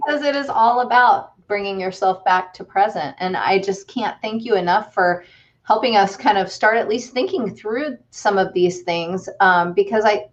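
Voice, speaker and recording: A woman's voice: medium pitch, dull audio. Upbeat woman hosting a livestream chat. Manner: chatty, upbeat, thinks aloud with fillers. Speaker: host.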